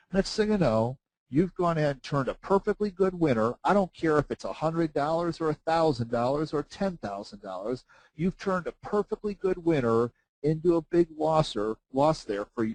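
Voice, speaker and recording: A man teaching a live trading course, chatty and animated, full of fillers and "okay?" tags, acting out his own panicked thoughts. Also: on the high side, dry recording, poor audio. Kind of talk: live webinar teaching, answering chat questions.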